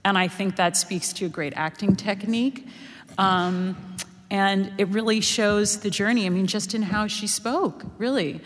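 A woman's voice: mid-range voice, a little slow. Chatty woman in a reverberant hall. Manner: animated, laughs often, acts out lines. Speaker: opera singer cast in a musical. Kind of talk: panel interview.

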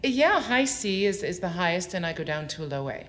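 Low-voiced soprano woman, expressive talk. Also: a little fast, a little hiss or hum. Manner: articulate and expressive, explains at length. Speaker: opera soprano. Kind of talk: onstage interview before an audience.

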